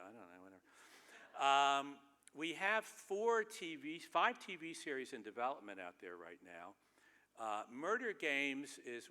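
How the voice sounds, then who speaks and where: A man's voice: mid-range voice, bright, forceful tone. A man giving a humorous speech on stage, telling wry, self-deprecating anecdotes in a loose, chatty way. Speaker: keynote speaker. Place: large theater stage. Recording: long reverb of a large theater.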